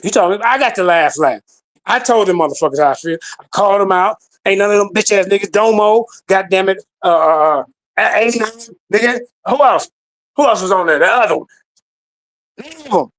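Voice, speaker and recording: A man's voice: high voice, lively intonation, fairly quick, poor audio. A man ranting heatedly on a live-stream call, cursing and repeating himself as he recounts a debate panel. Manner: loud, profane, repeats himself. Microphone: remote call.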